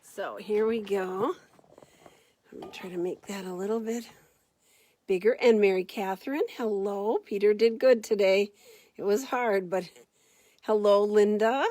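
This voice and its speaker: A woman's voice: mid-range voice, a little slow, long pauses, mellow. A cheerful, talkative middle-aged woman running a live card-making demo, recorded on a phone. She keeps an easy, upbeat chatter going, greeting viewers by name as she works. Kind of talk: casual live-stream craft demo.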